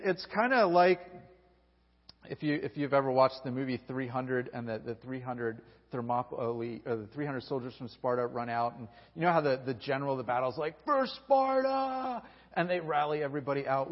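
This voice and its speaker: A man with a high voice preaches a lively sermon, throwing himself into the story and voicing the characters he quotes. The sound is dull and muffled, with a long reverb trailing off in a big hall.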